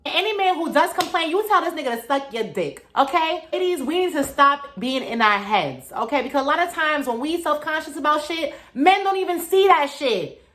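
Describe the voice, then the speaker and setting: A woman's voice: sits high, animated, normal speed, fairly bright tone. A young adult woman doing stand-up, telling a story in a brash, profane and sassy way. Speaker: stand-up comedian.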